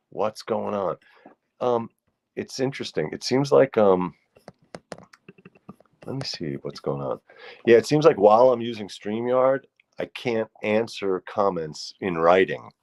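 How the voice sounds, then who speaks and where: Man, very low voice, middle-aged, livestream host, casual rambling chat, greets viewers by name. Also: darkish tone.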